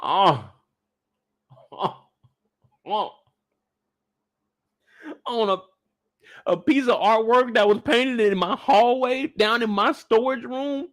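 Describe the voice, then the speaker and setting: A man's voice: very high-pitched, slow pace, pauses often, a bit bright, dry recording, clean studio sound. A man hosting a live after-show discussion, ranting in disbelief at his viewers and repeating phrases for emphasis. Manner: talks straight to his viewers. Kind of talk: animated live reaction commentary.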